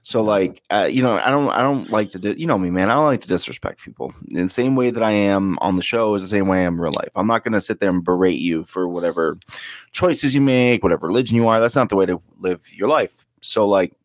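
Crude, joking man with a low voice. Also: fast talker, dry recording. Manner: crude, joking, laid-back storytelling. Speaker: podcast co-host. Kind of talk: casual chat. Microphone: loud close microphone.

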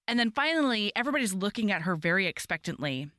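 A woman's voice: a little high, lively intonation, fast, bright, forceful tone, dry recording, studio quality. A woman co-hosting a podcast, chatting casually about a romance novel, acting out the characters and laughing often. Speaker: podcast co-host. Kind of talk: casual book chat.

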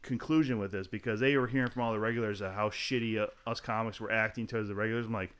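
Racing along in a smooth, fairly low voice, a male comedian guesting on a podcast spins a story in casual chat. He curses without restraint and animatedly voices each character, changing his delivery as he quotes them.

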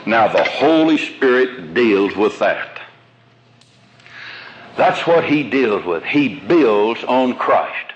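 A man's voice: medium pitch, sing-song, slow, slight background noise, rough recording. An older man, a pastor, preaching a sermon to a congregation in a folksy, homespun way with everyday examples. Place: room with a congregation.

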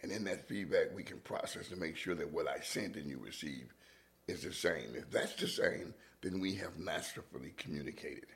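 A man's voice: extremely low pitch, moderate pace, fairly bright tone. A man hosting a reflective monologue, musing with restarts and sometimes dropping into a whisper. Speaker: podcast host.

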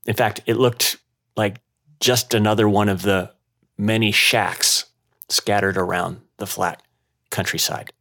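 A man hosting a podcast, narrating a personal story in a slow, measured way. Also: on the low side, fairly even intonation, vocal fry, sharp tone. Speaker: podcast host.

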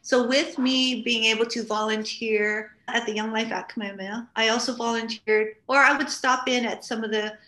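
This talk show guest, a middle-aged woman from Hawaii, has a slightly high voice and a moderate pace with barely any pauses. Her casual storytelling is animated, and she acts out what others said. The studio sound is roomy and echoey.

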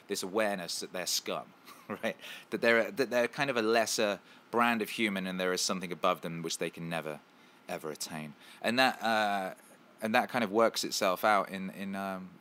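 A man hosting a casual livestream, reading out viewer comments and riffing playfully with lots of repetition and shout-outs. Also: deep voice, a little fast. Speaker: show host.

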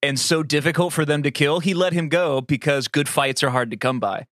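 A man's voice: on the high side, steady tone, fairly quick, a bit bright, no room sound, studio quality. A man co-hosting a casual podcast, telling long rambling stories with plenty of swearing. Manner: rambling, profane storyteller. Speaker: podcast co-host. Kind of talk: casual chat.

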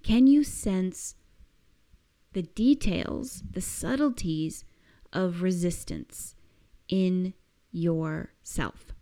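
A woman coaching listeners through a reflective self-help exercise, speaking gently and searchingly with frequent soft laughs. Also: on the low side. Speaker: coach giving a weekly task.

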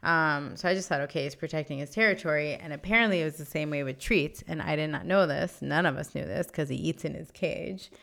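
A woman's voice: low voice, fairly quick, creaky, few pauses, fairly bright tone. A woman co-hosting a podcast in casual chat, rambling with lots of "like" fillers. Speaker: podcast co-host.

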